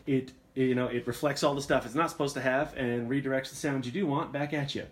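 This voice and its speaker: A man's voice: mid-range voice, fairly even intonation, a little fast. A young man, a voice actor, chatting casually and joking with viewers during a live Q&A from his home recording setup on a condenser mic. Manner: chatty, jokey, reads out viewer comments. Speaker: voice actor hosting a live Q&A stream. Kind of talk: casual live-stream chat. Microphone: condenser microphone with reflection shield.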